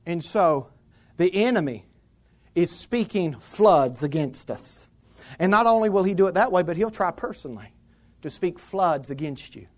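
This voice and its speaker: Pastor, sermon, church, middle pitch, fiery, shouting at peaks. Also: moderate pace. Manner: builds from calm teaching to loud, fiery exhortation.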